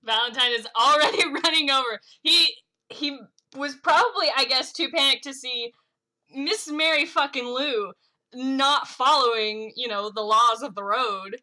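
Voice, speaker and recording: Picture a woman player in a tabletop game with a bright, rather sharp voice, pitched a little high. She rambles loosely and leans on "like" as she describes what her character does. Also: unhurried.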